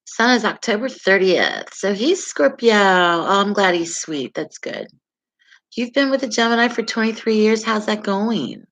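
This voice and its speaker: A middle-aged woman hosts a casual astrology live stream, chatting with viewers, reacting to their comments, and laughing often. Her mid-range voice is a bit bright, with lively intonation and a measured pace.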